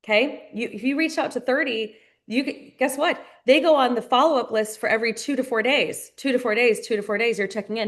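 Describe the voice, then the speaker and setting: A woman's voice: fairly high pitch, a little fast. Upbeat woman coaching her sales team. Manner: upbeat coaching, addresses listeners as "you guys", repeats phrases for emphasis. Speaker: sales team leader training new members. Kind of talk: live online training session.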